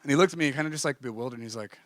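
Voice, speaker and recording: Animated male church speaker telling a story. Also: medium pitch, rapid-fire. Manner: animated, acts out conversations, frequent "like". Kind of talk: storytelling talk.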